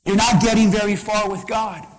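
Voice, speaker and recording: High-pitched male pastor delivering a fervent, repetitive sermon in a reverberant hall. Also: fairly even intonation, moderate pace. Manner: impassioned, repetitive preaching cadence.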